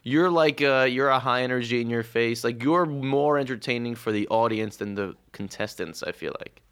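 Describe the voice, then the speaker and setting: Man, smooth resonant voice, mid pitch, easygoing hedging podcast co-host. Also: normal speed, a bit bright. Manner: easygoing, agreeable, hedging with "I feel like". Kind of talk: casual chat.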